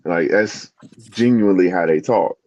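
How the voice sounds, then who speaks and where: A man's voice: low voice, moderate pace, darkish tone, dry recording, lo-fi sound. A man co-hosting a podcast in casual chat, rambling and restarting as he searches for words. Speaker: podcast co-host.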